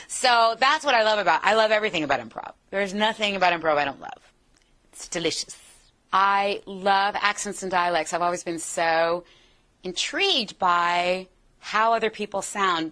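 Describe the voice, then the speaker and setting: Give me an animated woman from the US, chatting in an interview with a bright, forward voice. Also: lowish voice. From United States. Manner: animated, playful, slips into accents. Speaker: actress. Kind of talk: casual interview.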